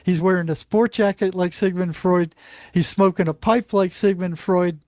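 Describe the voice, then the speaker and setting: A man who worked as a psychologist on a psychiatric unit, telling animated anecdotes in a casual interview with lots of restarts. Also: high voice, normal speed, no room sound, clean studio sound.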